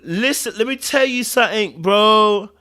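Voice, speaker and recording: A man hosting a podcast, giving emotional, animated commentary on a TV episode, sighing and swinging between loud bursts and quiet murmurs. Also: high voice, a little slow. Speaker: podcast host reviewing a TV episode.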